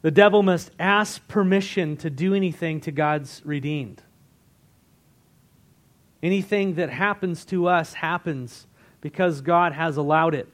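A man with a fairly high voice preaches a sermon. He is chatty and animated, often asks the congregation questions, and retells scripture in plain, everyday words. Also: unhurried. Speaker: pastor.

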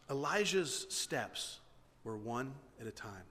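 A man preaching a sermon as pastor, animated, acting out the dialogue of the story and swinging between loud and hushed delivery. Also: mid-range voice. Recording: long hall reverb.

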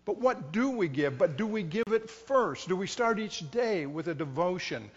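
A middle-aged pastor preaches in a relaxed, self-mocking way, slipping into the voices of people in his pews. His voice sits somewhat high for a man. The sound is dull and muffled, with a long reverb trailing off the walls of the church. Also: normal speed, slightly rough. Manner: conversational, self-mocking humor, acts out inner voices of congregants. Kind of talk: sermon. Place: church sanctuary.

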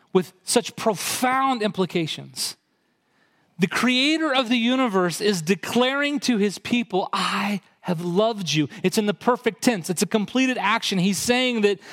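A male pastor preaching a sermon, explaining scripture conversationally and rising in intensity for emphasis. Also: a bit bright. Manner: rises in pitch and intensity when quoting and emphasizing.

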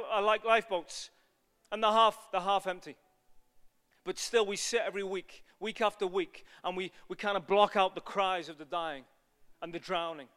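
A man preaching an evangelistic sermon, telling a story and building to loud, passionate appeals. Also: very high voice, smooth, big-room sound.

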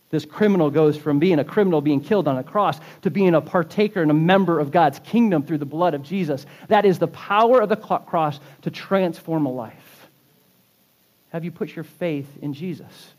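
High-voiced man preaching with fervor. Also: normal speed, a little mellow. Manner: impassioned preaching, rising and falling emphasis. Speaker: pastor. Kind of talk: sermon. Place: church sanctuary.

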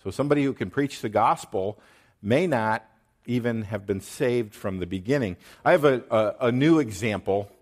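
A man preaching a teaching sermon, stressing words and pausing to check in with his listeners. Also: on the low side. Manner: emphatic, pauses to drive points, checks in with "okay?". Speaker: pastor.

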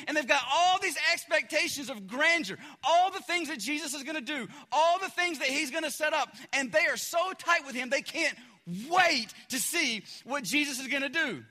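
Pastor guy preaching, chatty and fillers everywhere, high bright voice, big hall echo. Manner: casual, animated storytelling with frequent fillers. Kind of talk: sermon.

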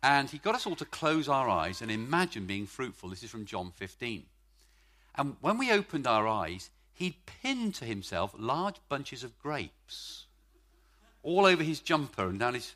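Animated preacher. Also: male voice, mid-range voice, a little slow. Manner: emphatic, stretches key words, swings from loud to quiet. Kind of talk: sermon. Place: church service.

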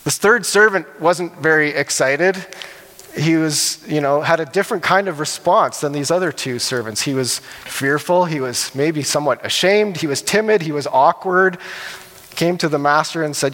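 A man preaches in a relaxed, conversational way, checking in with his listeners as he talks. His voice sits slightly high for a man. A long reverb trails each phrase, as in a large hall. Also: moderate pace. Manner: conversational, asks "right?" often. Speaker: pastor. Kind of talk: sermon.

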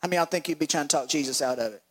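Guy preaching, lively, slips into voices, bit higher pitched. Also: racing, low-quality recording. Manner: animated, acts out voices of disciples with laughs. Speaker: pastor. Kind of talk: sermon.

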